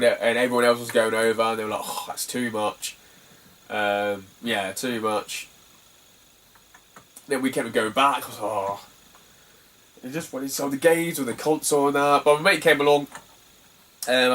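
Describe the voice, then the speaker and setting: A man's voice: mid-range voice, a bit bright, distant mic. A young British man chatting casually about his game finds, rambling and laughing often. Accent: British English. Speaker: retro game collector vlogger. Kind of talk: casual chat.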